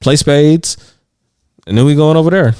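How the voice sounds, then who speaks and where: A man's voice: fairly high pitch, moderate pace, darkish tone, clean tone, dry recording, studio quality. A man co-hosting a podcast in casual chat, rambling with plenty of "like" fillers and frequent laughs. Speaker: podcast co-host. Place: indoors on a couch.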